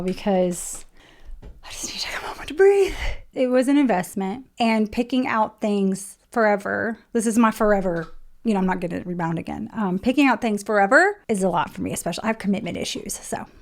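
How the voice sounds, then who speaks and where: A woman's voice: mid-range voice, fairly quick. A woman chatting casually through an unboxing, emotional and gushing, near tears at times. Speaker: vlogger.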